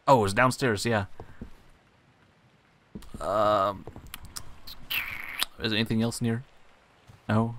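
A man's voice: mid-range voice, fairly bright tone, slight background noise. A young man casually commenting on a horror game as he plays, swearing often and calling the viewer dude and bro. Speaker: gaming channel host. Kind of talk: let's play commentary.

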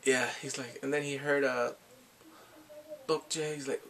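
A man casually recapping a TV drama with animated, laughing storytelling. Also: medium pitch, a little slow. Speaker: drama reviewer.

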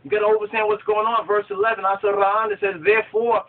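A man's voice: sits high, flat delivery, quick pace. A man leading a Bible study who reads verses aloud and keeps asking his listeners whether they understand. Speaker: scripture study teacher. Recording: tinny phone-like line.

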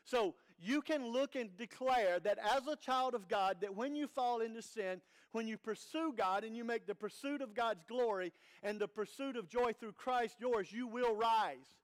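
A man's voice: very high voice, normal speed, hardly any pauses. A man preaching an earnest, conversational sermon as pastor, with rhetorical questions to the congregation.

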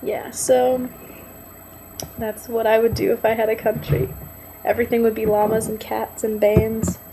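A woman's voice: fairly high pitch, level tone, moderate pace, music in the background, poor audio. A woman vlogger reading aloud in a mock-solemn voice, breaking into casual asides and swearing.

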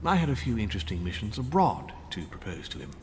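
An actor playing a scheming male lord who formally flatters his guests in a story game. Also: on the low side, fast talker, vocal fry, slight background noise, full character voice. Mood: flattering. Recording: game audio with long hall reverb.

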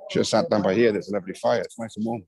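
A man hosting a spiritual live stream from a hilltop at night, talking in a gentle, thankful, rambling way full of fillers, into a handheld phone. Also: lowish voice, steady tone, very fast, vocal fry, breathy edge, rough recording. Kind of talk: casual live-stream chat.

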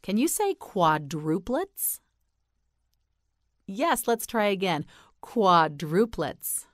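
A woman with an American accent teaching English pronunciation, slowly enunciating and repeating words for learners to say back. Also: mid-range voice, sing-song, dry recording, clean studio sound. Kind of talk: slow drilled vocabulary lesson.

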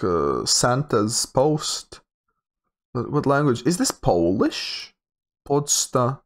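A man's voice: medium pitch, big pitch swings, slow pace. A young man giving casual commentary while he plays a geography guessing game, thinking aloud with hesitant, repeated words. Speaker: game streamer.

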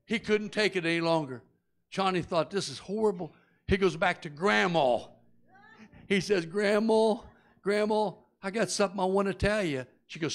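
A middle-aged male preacher with a gravelly edge and a slightly high voice. He tells folksy stories and voices their characters, then shifts into an earnest, confessional sermon. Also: normal speed. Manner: folksy storyteller acting out characters. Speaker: guest preacher. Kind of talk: sermon with storytelling.

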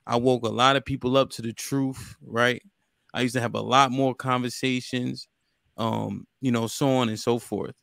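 A man's voice: medium pitch, fairly even intonation, normal speed, gravelly, fairly bright tone, no room sound, clean studio sound. A man hosting a casual panel podcast, talking bluntly with some profanity. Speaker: podcast host.

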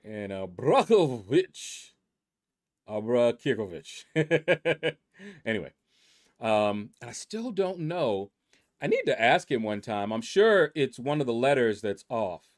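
A man's voice: mid-range voice, big pitch swings, unhurried. Laid-back male gaming channel host. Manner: laid-back and rambling, with many asides. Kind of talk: casual commentary reading a leaderboard.

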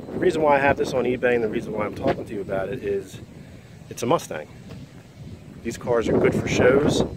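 A middle-aged man showing off a car for sale in a casual, rambling way, talking around a cigar, outdoors and then inside the car. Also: on the low side. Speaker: car seller. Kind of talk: casual walkaround video. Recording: outdoor street and engine noise.

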